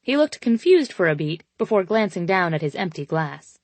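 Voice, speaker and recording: A woman narrating a romance audiobook in first person, steady and intimate. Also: fairly low pitch, normal speed, no echo.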